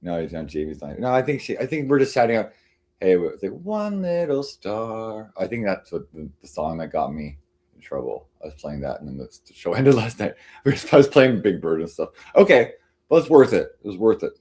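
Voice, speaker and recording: A man's voice: deep voice, animated, a little fast, darkish tone, slightly rough. Rambling male streamer talking to chat. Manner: rambling, with many fillers and restarts. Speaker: livestream host. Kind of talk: casual chat to a live audience.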